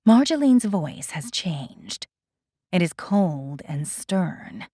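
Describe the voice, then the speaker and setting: A woman narrating an audiobook in a deliberate, expressive reading style. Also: lowish voice, breathy edge, no room sound, clean studio sound. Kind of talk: scripted narration.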